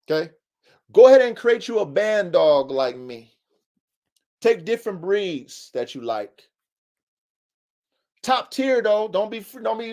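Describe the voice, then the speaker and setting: Emphatic high-voiced man lecturing. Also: a little mellow. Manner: emphatic, preachy, repetitive lecturing with casual slang. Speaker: podcast host. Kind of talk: livestream podcast monologue.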